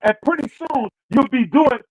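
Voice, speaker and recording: A man's voice: very high-pitched, lively intonation, moderate pace, a little mellow, dry recording, poor audio. A man hosting a show, giving a preacherly motivational talk and repeating phrases for emphasis. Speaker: show host.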